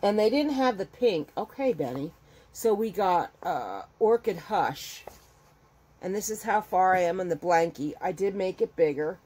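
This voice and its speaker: A woman's voice: on the low side, expressive, measured pace, warm tone, breathy edge. A middle-aged woman chatting casually as a crochet vlogger at home, rambling and emotional as she talks. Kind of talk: casual chat. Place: home with her dogs.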